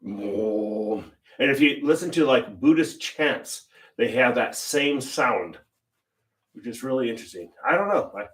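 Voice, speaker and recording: A man's voice: mid-range voice, a bit bright, far from the mic. An older man hosting a painting livestream, telling stories in casual chat and laughing often. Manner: chatty storyteller, laughs often. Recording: roomy echo.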